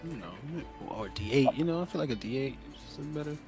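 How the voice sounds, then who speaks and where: Hyped male gamer, bouncy voice, music clearly under him. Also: mid-range voice, quick pace. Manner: excitable, swears, cheers other players on. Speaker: player. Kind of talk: casual chat at a game table.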